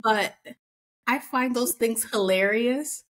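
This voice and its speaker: A woman co-hosting a casual podcast, recapping a reality show and acting out quotes in lively voices. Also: on the high side, slow pace. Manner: chatty, acts out quotes in animated voices. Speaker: podcast co-host.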